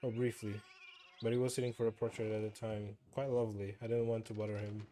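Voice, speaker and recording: Haughty male nobleman, bored and worldly, mellow unhurried read, done by a streamer. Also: fairly low pitch, level tone, lightly acted.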